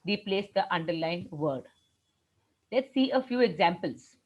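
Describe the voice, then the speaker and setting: A woman's voice: fairly low pitch, animated, measured pace, lo-fi sound. A woman with an Indian English accent teaching a French grammar lesson, patiently explaining step by step and repeating the rules.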